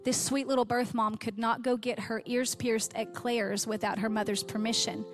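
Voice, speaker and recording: A woman's voice: on the high side, little pitch movement, moderate pace, faint music behind. A woman giving a heartfelt sermon testimony, her voice catching with emotion as she tells her story.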